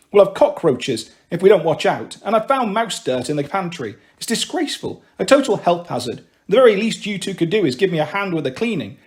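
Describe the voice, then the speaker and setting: A man's voice: high voice, darkish tone. A man reading a story aloud, voicing a harried mother who scolds her daughters in an exasperated way. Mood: scolding. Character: harried, emotional working-class mother. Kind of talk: audiobook reading.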